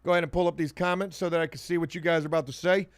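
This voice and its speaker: A man with a high-pitched voice, hosting a casual livestream and chatting with viewers. He jokes around, hyping things up loudly and then dropping into quiet mumbled asides, all in a dry, close sound. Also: fairly even intonation, very fast, smooth, no echo. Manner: joking, swings between loud hype and muttered asides. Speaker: livestream host. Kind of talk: casual livestream chat reading comments.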